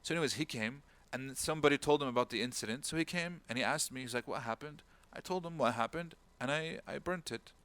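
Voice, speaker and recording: Man, imam, informal sermon, storytelling, Arabic phrases mixed in, animated quotes. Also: medium pitch, fast talker, hardly any pauses. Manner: storytelling, acts out quoted people in raised voice; sprinkles Arabic words and phrases. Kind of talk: talk-style religious lecture.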